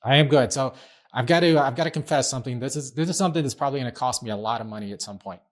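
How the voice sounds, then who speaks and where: A man's voice: mid-range voice, very fast. A middle-aged man hosting a podcast, talking in a chatty, self-deprecating way. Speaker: podcast host. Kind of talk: casual podcast chat.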